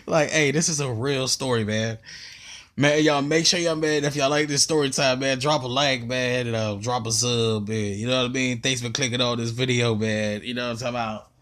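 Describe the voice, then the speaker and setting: A man's voice: medium pitch, steady tone, normal speed, fairly bright tone. A young man vlogging a casual storytime, rambling and slangy with lots of fillers.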